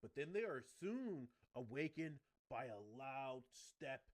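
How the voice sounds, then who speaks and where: A young man talks through an anime episode in a loose, casual recap, his voice sitting at an ordinary middle pitch. He is excitable and slangy, leaning on "like" and "bro" as he reviews. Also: slow.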